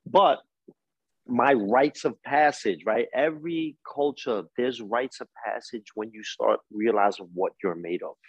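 A man's voice: mid-range voice, measured pace, husky, dry recording, muffled recording. A man in his forties with a New York accent, a coach telling hard-won life lessons in a podcast interview, emphatic and street-wise. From East New York, Brooklyn. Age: 40s. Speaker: guest, coach.

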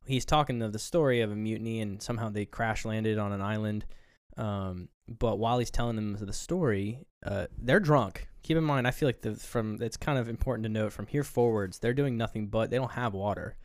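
A man's voice: on the low side, brisk, few pauses, no room sound, studio quality. A man co-hosting a casual film review chat, rambling through scenes and acting out quoted lines. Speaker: podcast co-host.

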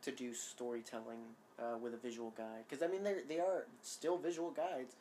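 Very low-voiced woman podcast co-host. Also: moderate pace, slight background noise. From Georgia, USA. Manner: laughs often, animated and chatty. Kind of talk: casual podcast chat.

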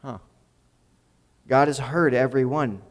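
Guy preaching a sermon, chatty and loose, keeps repeating himself, mid pitch, big echoey hall. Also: fairly even intonation, measured pace. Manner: conversational, repeats words when building a point. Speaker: pastor.

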